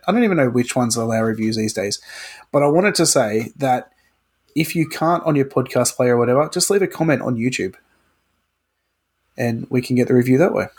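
A man's voice: mid-range voice, normal speed, slightly rough. A man co-hosting a podcast, casually running through announcements with some fillers. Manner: relaxed, runs announcements with fillers. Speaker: podcast co-host.

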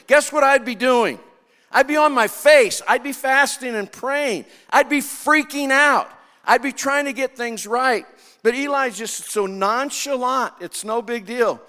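High-voiced preaching man in a hall. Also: measured pace. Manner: expressive preaching, acts out quoted lines. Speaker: pastor. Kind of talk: sermon.

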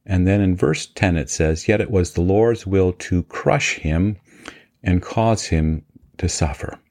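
A man teaching as a pastor, walking through Bible passages in a measured, explanatory way with frequent fillers. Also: deep voice, darkish tone. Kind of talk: scripture teaching vlog.

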